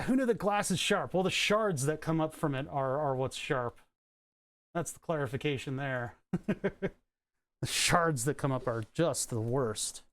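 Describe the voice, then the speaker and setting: A man streaming from his home workshop, chatting casually and rambling, often chuckling at his own jokes. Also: a little high. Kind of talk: casual live-stream chat while working.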